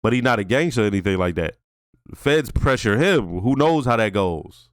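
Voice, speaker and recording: A man hosting a TV reaction channel, giving a casual, animated and profane episode review while talking straight to his viewers. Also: lowish voice, moderate pace, dry recording, studio quality.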